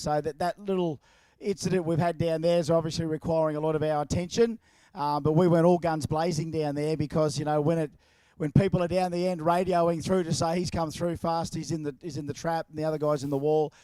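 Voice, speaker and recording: A man's voice: a little high, dark tone, smooth, dry recording. An Australian man announcing live at an outdoor event over a handheld microphone, chatty and jokey as he calls out to the crowd. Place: outdoors at a racetrack. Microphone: handheld microphone and horn speaker.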